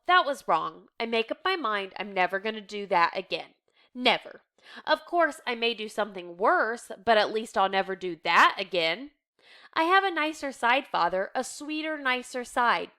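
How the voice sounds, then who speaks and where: A woman's voice: on the high side, sharp tone, clear, resonant tone. A woman voicing a frightened, defiant teenage girl in an earnest, pleading read.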